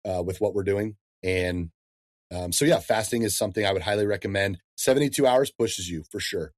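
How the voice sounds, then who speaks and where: A man in his thirties, a fitness coach talking in a casual podcast interview, animated and slangy, calling people dude and man. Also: fairly low pitch, fairly quick, dry recording, studio quality.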